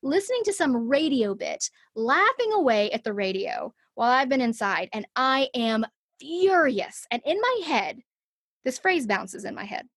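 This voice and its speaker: Breathy animated woman telling a story. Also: high voice, moderate pace, no room sound, studio quality. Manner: animated storyteller acting out her own thoughts. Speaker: podcast guest. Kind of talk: conversational interview storytelling.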